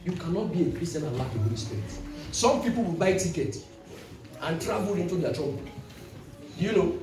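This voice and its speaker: A male pastor preaches with a lively, swooping pitch, calling for amens and bursting into shouts. He sounds far from the mic in a big reverberant hall, with music clearly playing beneath him. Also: a little fast. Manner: animated preaching with call-and-response, sudden shouts. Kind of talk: sermon. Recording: echoey hall, distant mic, music behind.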